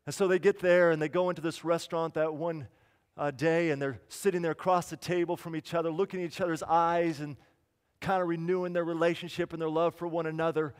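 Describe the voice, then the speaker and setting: Impassioned preacher in a reverberant hall. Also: male voice, fairly high pitch, little pitch movement, brisk, smooth. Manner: impassioned, rising and falling between loud appeals and quiet storytelling. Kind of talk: sermon.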